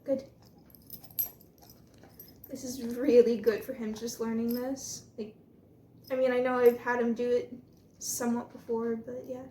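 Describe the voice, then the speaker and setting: A chatty young woman with a slightly high voice explains her dog training in a relaxed, reassuring way. She speaks from an echoey room at home with a faint hiss behind her. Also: measured pace, long pauses. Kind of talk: casual vlog narration.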